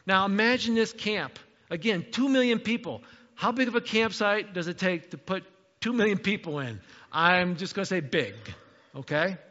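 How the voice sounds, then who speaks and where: A man's voice: high-pitched, moderate pace, bright, forceful tone, in a large hall, dull audio. A man preaching a sermon in a conversational, playful way, acting out the quotes. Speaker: pastor.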